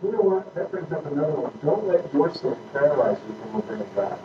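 A man's voice: a little high, sing-song, a little fast. Emphatic man teaching in an echoey room. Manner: emphatic, conversational, checks understanding with "okay?". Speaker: pastor teaching a class on parenting. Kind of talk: informal teaching talk with questions. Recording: echoey room, distant mic, muffled, noisy.

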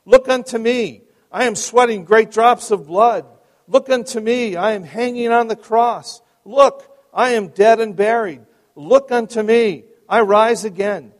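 Essex lay preacher, put on by a man, fervent, repetitive, pleading, high-pitched, long reverb. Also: a little slow. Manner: fervent, repetitive exhortation, rising to shouts. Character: uneducated working-class male lay preacher, pleading.

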